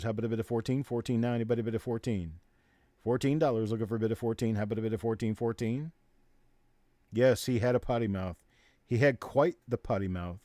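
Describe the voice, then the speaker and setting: A man hosting a live coin auction, calling bids in rapid, repetitive runs and joking between lots. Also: mid-range voice, mellow, no room sound, clean studio sound. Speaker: auctioneer and show host.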